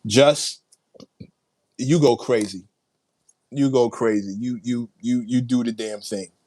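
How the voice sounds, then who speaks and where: A man hosts a livestream and reacts to viewer comments, hyped and laughing as he goes. His voice sits at an ordinary middle pitch, and he often repeats his phrases. The sound is close and dry, with little room around it. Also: steady tone, slow pace, dark tone, dry recording. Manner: hyped, laughing, repeats phrases, playful hip hop slang. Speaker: livestream host.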